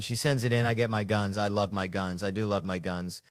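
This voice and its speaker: A man's voice: lowish voice, fairly even intonation, fast, hardly any pauses, dry recording, clean studio sound. A man telling profane, rambling comic stories and voicing the people in them. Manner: profane, rambling anecdotes with voiced quotes. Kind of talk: stand-up storytelling.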